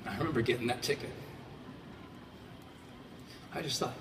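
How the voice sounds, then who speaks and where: A man giving a motivational keynote to a large audience. He swings between quiet reflection and shouted bursts, and he acts out quoted voices. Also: mid-range voice, moderate pace, background noise. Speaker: motivational speaker. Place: large hall. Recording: echoey hall from far off.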